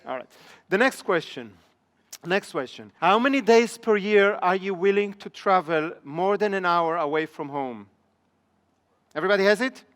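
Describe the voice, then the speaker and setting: A man's voice: high-pitched, expressive, normal speed, a bit bright. A middle-aged man, a business trainer, giving a live seminar lecture in a training room and checking in with his audience through repeated rhetorical questions. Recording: long reverb in a large training hall.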